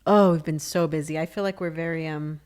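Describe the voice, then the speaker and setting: A chatty woman co-hosting a relaxed podcast, her voice somewhat low for a woman. She teases playfully and keeps up a steady stream of mm-hmms while her partner talks. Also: brisk. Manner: chatty, playful, backchannels a lot. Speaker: podcast co-host. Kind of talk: casual chat.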